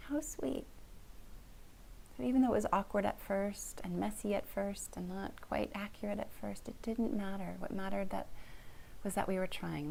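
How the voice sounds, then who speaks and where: A middle-aged woman therapist calmly teaching a couples communication skill, gentle and encouraging, often dropping to a soft whisper. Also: medium pitch, gravelly, slight background noise. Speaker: family therapist.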